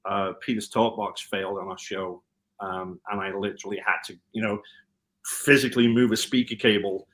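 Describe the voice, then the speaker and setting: A man from Liverpool with a Scouse accent softened by American, a guitar tech chatting in an interview and telling stories with many ums and restarts. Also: lowish voice, fairly even intonation, moderate pace. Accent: Liverpool (Scouse), with some American mixed in. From Liverpool, England. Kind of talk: casual interview chat.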